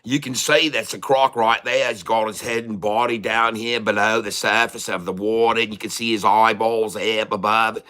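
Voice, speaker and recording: A man's voice: on the low side, steady tone, moderate pace, few pauses, bright, forceful tone. A man putting on a brash old Aussie wildlife expert. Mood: boisterous. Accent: put-on Australian. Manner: boisterous, rambling, laughing often. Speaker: day-trading streamer.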